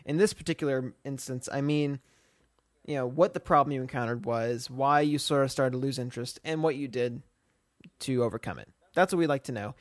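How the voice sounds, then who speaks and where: A man's voice: mid-range voice, a little fast, no room sound. Man chatting on a dry-sounding podcast. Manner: rambling, many fillers and restarts. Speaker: podcast co-host. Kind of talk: casual podcast chat.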